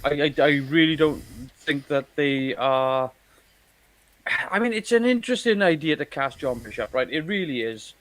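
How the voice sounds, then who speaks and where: A man co-hosting a casual chat about a TV series, talking in halting bursts with many restarts and repeated words. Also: on the high side, animated, a bit bright, no echo. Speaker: podcast co-host.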